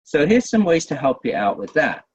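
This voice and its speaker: Guy running a webinar, husky voice, bounces up and down a lot, kinda dull lo-fi sound. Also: a little high, normal speed. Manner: lively, asks the audience many questions. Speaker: workshop presenter. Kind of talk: webinar teaching.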